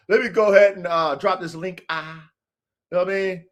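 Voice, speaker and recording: A man's voice: high voice, fairly even intonation, normal speed. A man hosting his own show, talking unscripted to viewers in an aggressive, profane, preachy street style. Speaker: show host.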